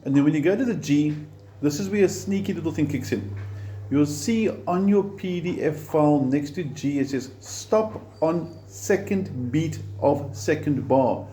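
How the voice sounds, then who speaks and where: Guy walking you through guitar chords, kinda high voice but mellow, patient and encouraging, guitar in the background. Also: a little slow. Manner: patient, encouraging, counts beats aloud. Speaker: guitar teacher. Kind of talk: step-by-step guitar lesson.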